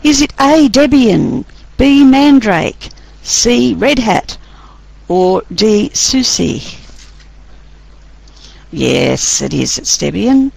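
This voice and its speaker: A woman lecturer talks her class through a quiz and lesson at an unhurried pace. Her voice has a gravelly, creaky edge. She is chatty and teasing. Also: a little high, very animated, a little mellow, poor audio. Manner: chatty, teasing, laughs often.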